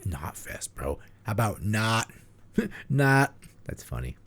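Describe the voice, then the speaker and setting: A man's voice: lowish voice, big pitch swings, slow pace, a bit bright, breathy edge. A man co-hosting a casual metal podcast, joking and rambling with many fillers. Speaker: podcast co-host. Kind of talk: casual chat.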